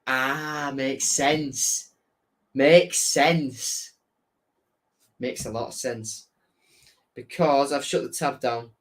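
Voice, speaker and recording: A man's voice: mid-range voice, fairly even intonation, very slow, long pauses, a bit bright. A young man with a Hull accent hosting a casual football live stream, chatting and reading out viewer messages. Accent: Hull, Yorkshire. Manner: chatty, reads out chat messages, self-correcting. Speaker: football fan channel host.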